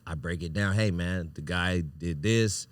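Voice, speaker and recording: A man hosting a podcast, telling a wild personal story in a casual, animated, profane way, often breaking into laughter. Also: sits low, unhurried, no room sound. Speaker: podcast host.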